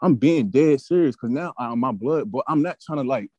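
A young man casually telling a story as a podcast guest, animated and full of profanity. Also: mid-range voice, moderate pace, no echo, muffled recording.

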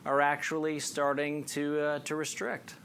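A man's voice: on the high side, completely flat delivery, a little slow, creaky, fairly bright tone, smooth. A man hosting an interview show, introducing a guest and asking questions with emphatic, indignant delivery. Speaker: show host.

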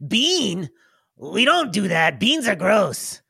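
A man voicing a ravenous goblin who talks in short, broken bursts. Each phrase lands flat and blunt. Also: sits high, slow pace, creaky, husky, voice pushed up, full character voice. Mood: disgusted. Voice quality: short clipped broken sentences. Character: greedy big-mouthed male goblin, blunt.

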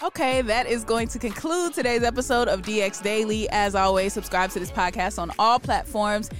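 A woman co-hosting a daily hip-hop news podcast, chatting casually in a relaxed, slangy way. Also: mid-range voice, normal speed, over music. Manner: relaxed, laughs easily, slangy. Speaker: podcast co-host.

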